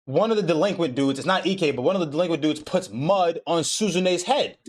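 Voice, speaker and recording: A young man recapping an anime episode in casual, profane, animated storytelling, acting out the characters' lines as he goes. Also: on the high side, brisk. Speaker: podcast host recapping an anime. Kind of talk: casual chat.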